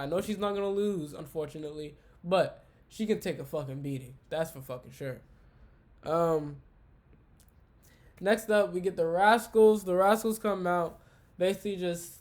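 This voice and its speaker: Slangy, profane young man recapping wrestling. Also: fairly high pitch. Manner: slangy, profane, excitable banter; talks to a live chat. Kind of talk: casual wrestling show recap.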